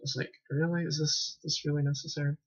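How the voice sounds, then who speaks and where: Rambling husky man reviewing a film. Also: a little high, little pitch movement, fast. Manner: rambling, self-correcting, trips over words. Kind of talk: casual unscripted review. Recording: dull lo-fi home recording.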